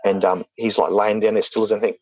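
A man's voice: fairly low pitch, little pitch movement, quick pace, a little mellow, no room sound, muffled recording. A man telling a story in casual talk, rambling with lots of fillers and restarts. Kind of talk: casual spoken anecdote.

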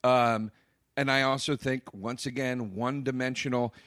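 A man co-hosting a movie podcast, trading opinions with sarcasm and frequent cursing. His voice sits at a middling pitch. The sound is dry and close, with no room around it. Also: steady tone, moderate pace, fairly bright tone, no echo. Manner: blunt, profane, sarcastic. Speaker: podcast co-host reviewing movies. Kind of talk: casual chat.

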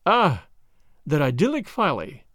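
A man reading an audiobook, voicing a sly, sarcastic French agent who speaks quietly with mock gallantry. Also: high-pitched, sing-song, moderate pace, no echo, clean studio sound. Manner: quiet, smooth, mockingly gallant. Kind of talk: audiobook character voice.

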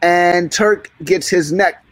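A man co-hosting a live podcast, recounting scenes in a relaxed, repetitive way. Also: high-pitched, slow pace, no room sound. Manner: relaxed storytelling, repeats phrases. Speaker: podcast co-host. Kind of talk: casual chat at a live podcast taping.

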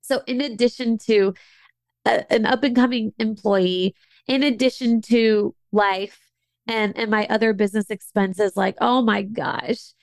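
A woman's voice: a little high, steady tone, a little slow, gravelly, darkish tone, no room sound. A young adult woman, a business owner, telling a story in a chatty way with lots of restarts and asides. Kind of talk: casual storytelling monologue.

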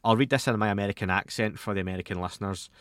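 A man in his thirties talks casually into a podcast mic. His voice sits fairly low and he rambles along with chatty asides, and the recording is close and dry with no room sound. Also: very fast, fairly bright tone, dry recording. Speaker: podcast host answering listener questions.

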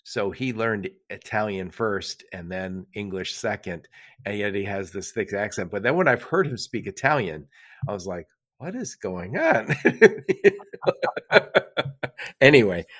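A middle-aged man with a low voice hosts a podcast interview. He keeps it chatty and laughs easily between his questions. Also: measured pace, fairly bright tone. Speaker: podcast host.

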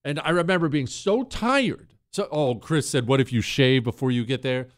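A radio host in middle age, hailing from Montana, tells a story from his own life at a moderate pace in a mid-range voice. He keeps it wry and conversational but gets animated shouting drill instructor lines. The sound is dry and of studio quality.

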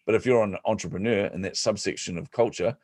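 A man, a podcast guest, telling stories in an animated, self-deprecating way and acting out the voices of people he quotes. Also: on the low side, fast talker, dry recording, studio quality. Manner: self-deprecating humor, frequent laughs. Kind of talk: storytelling in an interview.

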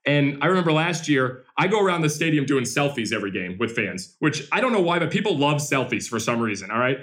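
A man who owns a baseball team, answering interview questions as an energetic, animated storyteller. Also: fairly high pitch, quick pace.

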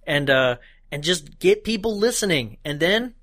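A man's voice: fairly high pitch, expressive, moderate pace, a bit bright, no echo, studio quality. A man co-hosting a casual podcast, laughing often and chatting loosely. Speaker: podcast co-host.

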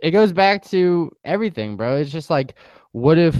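A man co-hosting a podcast in casual chat, animated and slangy, full of fillers. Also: a little high, brisk, no room sound, highs cut off. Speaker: podcast co-host.

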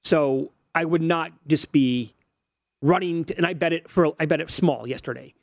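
A man's voice: a little high, normal speed, gravelly, dry recording. A man in his forties, co-hosting a sports betting show and working through odds and stats in casual chat. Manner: analytical, rattles off odds and stats.

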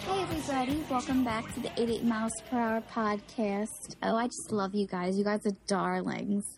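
A woman's voice: fairly high pitch, brisk, over music. A woman with a South Philadelphia accent hosts a podcast, chatting casually and giggling between fillers. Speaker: podcast host. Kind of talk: casual chat.

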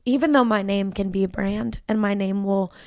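A woman's voice: medium pitch, steady tone, normal speed, a little mellow, dry recording, clean studio sound. A young woman, a podcast guest and country singer, talking earnestly about her faith and saying "like" a lot. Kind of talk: casual faith conversation.

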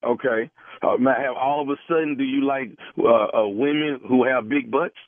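A man's voice: mid-range voice, normal speed, dry recording, lightly acted. A man making a radio prank call, earnestly pressing the callee while posing as a grieving brother. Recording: tinny phone line.

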